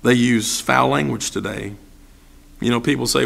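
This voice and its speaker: A man's voice: medium pitch, moderate pace, gravelly, a bit bright. A man preaching a sermon as pastor, asking repeated rhetorical questions and acting out the voices of people he quotes. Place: church sanctuary.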